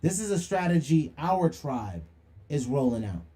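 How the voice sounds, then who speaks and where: A young livestream host with a fairly high, sing-song, warm voice speaks at a measured pace. His monologue is preachy and slangy, firing off rhetorical questions and calling people out.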